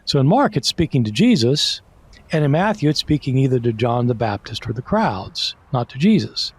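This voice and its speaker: A man's voice: medium pitch, very animated, normal speed, breathy edge. A man explaining as a guest scholar in an interview, conversational, with many fillers and restarts.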